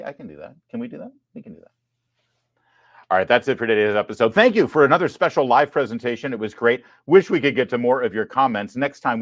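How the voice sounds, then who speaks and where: A man hosts a live online commentary show with a joking, animated delivery. His pitch swings widely from line to line. The sound is close and dry, with no room echo. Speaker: host.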